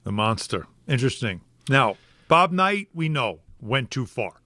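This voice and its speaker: A middle-aged man hosting a sports talk show, questioning his co-hosts in an animated way with frequent restarts. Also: medium pitch, unhurried, dry recording. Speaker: sports radio host. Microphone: studio microphone.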